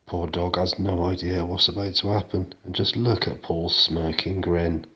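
Deep-voiced guy, deadpan, says mad stuff like it's normal, slightly muffled. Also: normal speed, breathy edge. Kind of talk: improvised comic chat.

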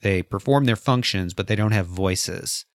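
Low-voiced man retelling a story. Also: moderate pace, no echo, clean studio sound. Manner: animated storyteller, acts out quotes. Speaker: podcast co-host. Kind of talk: casual book discussion.

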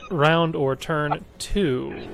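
A man acting as game master in an online tabletop game, calling turns and rolls in a brisk, procedural way. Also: on the high side, fairly even intonation, gravelly, over music. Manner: brisk, procedural, many short okays. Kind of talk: running a tabletop game over voice chat.

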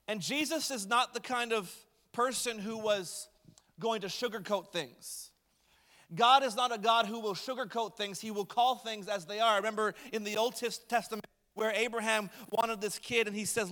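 A man's voice: high voice, a little fast, fairly bright tone, big-room sound. A man preaching a sermon as pastor, in a conversational storytelling way with light humor.

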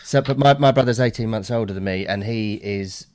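A man's voice: fairly low pitch, a little fast, darkish tone. A man chatting casually on a call, laid-back and matter-of-fact with some swearing. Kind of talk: casual chat.

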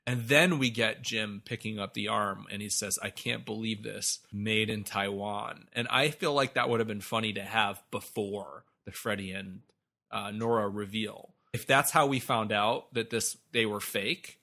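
Guy cohosting a movie podcast, bright tense voice, gets worked up and swears. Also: fairly low pitch, moderate pace. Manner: animated, laughs often, swears freely. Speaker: podcast co-host. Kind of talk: casual film discussion.

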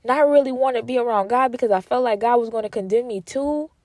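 A woman with a fairly high voice speaks tender Christian affirmations to the listener, slowly repeating each line and at times sinking to a whisper. She sounds emotional and close to tears. The recording is dry and close. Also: dark tone, no room sound. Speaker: Christian encourager speaking to viewers. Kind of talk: emotional faith talk with affirmations.

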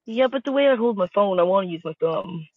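A man's voice: high-pitched, animated, quick pace, creaky, no echo. A man in a casual group voice chat, joking and complaining lightly. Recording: dull, dry lo-fi mic.

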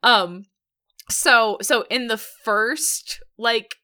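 Slow-talking bright-voiced woman. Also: fairly high pitch. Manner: meandering, many fillers and restarts, giggly. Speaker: podcast co-host. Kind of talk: casual chat.

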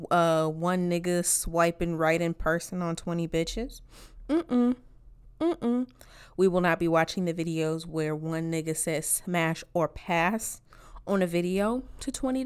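A woman's voice: fairly low pitch, clean tone. A woman in a blunt, profane rant to her viewers, driving each point home with a repeated "all right?". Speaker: online commentator. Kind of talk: ranting monologue to camera.

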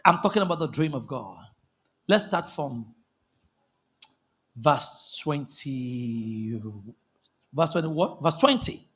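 A man preaching a sermon as a pastor, impassioned, bursting into shouts and calling for the congregation to answer back. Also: a little high, lively intonation, normal speed, breathy edge. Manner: impassioned, calls out for congregation responses. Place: church service.

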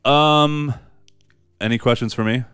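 Co-hosting a podcast, a man jokes, speaks bluntly and swears freely in casual chat, his medium-pitched voice fairly even, a little slow, bright, clear and resonant. The sound is clean studio audio with no room sound.

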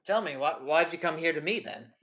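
A man's voice: on the high side, brisk, pitched above the performer's own voice. Man putting on a blustery newspaper editor. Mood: eager. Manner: blustery, excitable. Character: gruff cigar-chomping English newspaper editor man.

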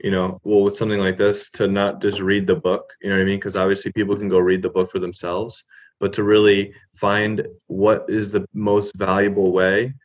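A man talking as an interview guest, relaxed and drifting off on tangents with frequent "you know"s. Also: on the low side, moderate pace. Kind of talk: casual interview chat. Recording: muffled, lo-fi sound.

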